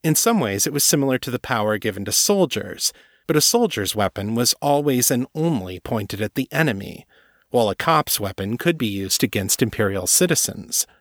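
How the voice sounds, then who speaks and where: A man narrating a novel in a measured, steady reading voice. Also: mid-range voice, no room sound, clean studio sound. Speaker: audiobook narrator. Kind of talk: scripted narration.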